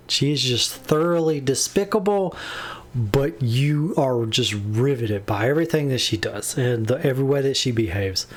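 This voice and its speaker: A man giving a casual spoken book review, rambling with many restarts and fillers, plainly exasperated. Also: medium pitch.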